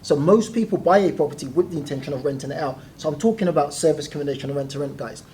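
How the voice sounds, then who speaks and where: Animated guest telling stories. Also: medium pitch, very fast, a little hiss or hum. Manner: animated, laughing, acts out quoted voices. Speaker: guest, property deal trainer. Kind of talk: casual interview storytelling.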